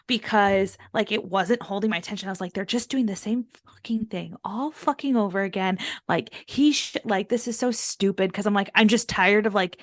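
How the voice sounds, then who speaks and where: A woman's voice: mid-range voice, no echo. A young woman co-hosting a podcast in casual chat, rambling with many fillers and swearing freely. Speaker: podcast co-host.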